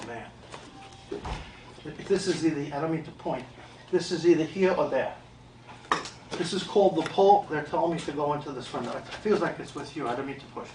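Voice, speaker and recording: Blunt high-voiced man in echoey hall. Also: background noise. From United States. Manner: blunt, emphatic, repeats phrases, joking asides. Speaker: medium. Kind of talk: live stage talk to an audience. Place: live event hall. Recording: echoey room, mic from a distance.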